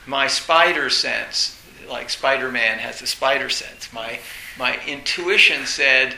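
Slow, bright-voiced man in echoey room. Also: mid-range voice, vocal fry. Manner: halting, restarts words, laughs while telling stories. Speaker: Zen teacher. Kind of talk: dharma talk with personal anecdotes. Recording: echoey room with faint hiss.

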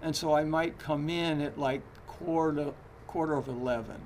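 A man's voice: on the high side, fairly even intonation, normal speed, a little mellow, slight background noise. A man giving a Zen dharma talk in a conversational, hesitant way, with frequent fillers and restarts. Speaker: Zen teacher.

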